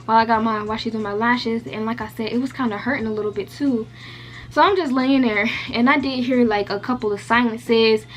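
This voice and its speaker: A woman's voice: fairly high pitch, steady tone, brisk. A young woman vlogger telling a storytime casually, chatty and candid with lots of fillers and some swearing. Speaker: beauty vlogger.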